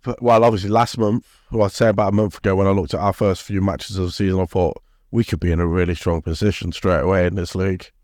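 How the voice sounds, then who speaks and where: Man, football podcast co-host, very low voice, dry close sound, rambling, sweary. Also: little pitch movement, fast talker, hardly any pauses, a little mellow, dry recording. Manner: sweary, rambling, laughs often. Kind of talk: casual football chat.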